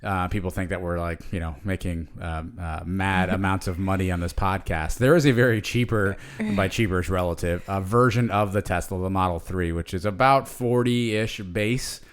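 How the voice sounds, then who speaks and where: A man's voice: deep voice, normal speed, smooth. A man in his forties co-hosting a casual podcast chat, rambling with lots of fillers and restarts. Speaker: podcast co-host.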